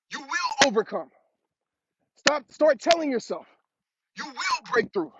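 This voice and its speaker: Man, very high voice, motivational speaker, preachy and repetitive, dull lo-fi sound, clear hiss. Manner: preachy, repeats phrases for emphasis. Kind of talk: motivational talk. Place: outdoors on a road.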